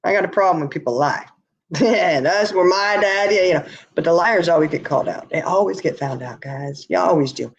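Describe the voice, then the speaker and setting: A woman's voice: fairly low pitch, a little fast, slightly rough, highs cut off. A tired woman hosting a casual livestream, talking bluntly and answering her chat as she goes. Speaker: livestream host. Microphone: laptop or webcam.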